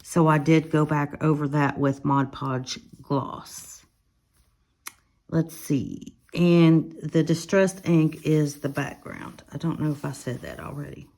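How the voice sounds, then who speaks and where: A woman hosts a relaxed coloring vlog, chatting to viewers about each finished page. Her voice sits a little low, and she takes her time, listing supplies in an unhurried, easygoing way. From Alabama. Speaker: coloring vlogger. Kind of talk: casual show-and-tell narration.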